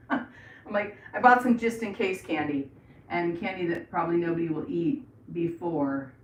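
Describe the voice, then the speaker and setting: A woman's voice: on the low side, moderate pace. Chatty American woman in an echoey bathroom. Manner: rambling, chatty, reads out chat messages. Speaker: livestream host. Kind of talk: casual livestream chat. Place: home bathroom, painting trim. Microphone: camera set across the room. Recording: echoey room, voice far from mic, faint noise.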